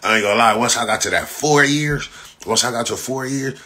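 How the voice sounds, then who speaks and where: A man's voice: fairly low pitch, slow, pushed and bright. A young man from Inglewood, ranting casually on a livestream, profane, boastful and repetitive, often breaking into laughter. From Los Angeles, Inglewood. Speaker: livestream host.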